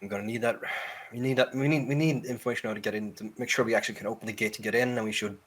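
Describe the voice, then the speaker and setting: Husky guy at a tabletop game, kinda low voice, jokey, trails off and restarts a lot. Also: fairly even intonation, fairly bright tone. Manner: joking, halting with drawn-out words. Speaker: player. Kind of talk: casual tabletop role-play.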